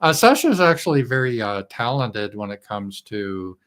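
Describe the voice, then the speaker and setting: A man's voice: mid-range voice, very animated, normal speed, fairly bright tone. A man hosting a casual livestream chat, rambling with many fillers and restarts. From Arkansas. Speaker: host.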